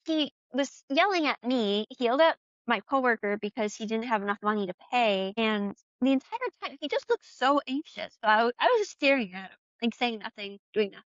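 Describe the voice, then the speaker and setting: A young woman co-hosting a podcast in casual chat, laughing often and doing deadpan barista reactions. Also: a little high, a little fast, few pauses, no echo, lo-fi sound. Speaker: podcast co-host.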